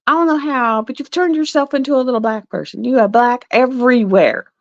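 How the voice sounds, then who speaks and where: A woman's voice: a little high, fairly quick, dry recording, dull audio, pitched above the performer's own voice, lightly acted. A woman putting on the voice of an amused, fussy man who repeats himself while shooing someone away. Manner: bossy, shooing, repetitive. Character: amused adult man, fussy about painting.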